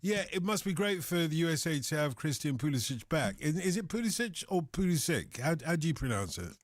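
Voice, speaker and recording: A man with a fairly high voice hosts a live football show. He chats in a playful, teasing way and tosses questions at his guest. The recording is dry and close. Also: animated, brisk, no echo. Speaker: host.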